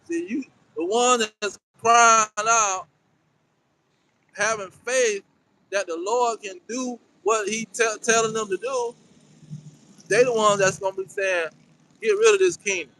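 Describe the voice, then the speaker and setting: High-voiced man preaching emphatically. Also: sharp tone, slight background noise, poor audio. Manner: emphatic, repetitive commands, slows down for verses. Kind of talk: fiery scripture teaching.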